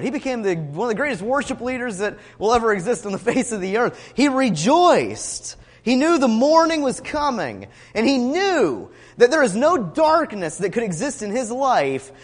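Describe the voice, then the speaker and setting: A man preaching a sermon, expressive, rising to emphatic cries when he quotes scripture. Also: high-pitched, big-room sound. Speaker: pastor.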